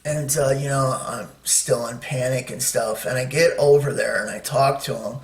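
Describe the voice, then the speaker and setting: A man's voice: medium pitch, fairly even intonation, normal speed. Man, casual rambling storytelling, lots of fillers, distant mic, echoey room. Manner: rambling, lots of fillers, acts out his own quotes.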